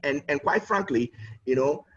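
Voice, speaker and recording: A man's voice: a little high, lively intonation, normal speed, fairly bright tone, slight background noise. A man giving an earnest conference talk as a guest speaker, often repeating words as he builds a point. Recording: distant muffled online audio.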